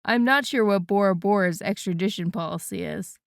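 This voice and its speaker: A woman's voice: medium pitch, fairly quick, gravelly, smooth, no echo, clean studio sound, natural voice. A woman voicing a joking adult man with a playful, teasing manner in an audiobook. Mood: earnest. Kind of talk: audiobook character voice.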